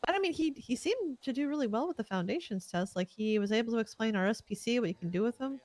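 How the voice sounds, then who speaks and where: Fast-talking woman, chatty interviewer. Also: fairly high pitch, expressive, darkish tone, no echo. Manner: quick, chatty, filler-heavy. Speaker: police interviewer in a roleplay server. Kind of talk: casual game roleplay chat.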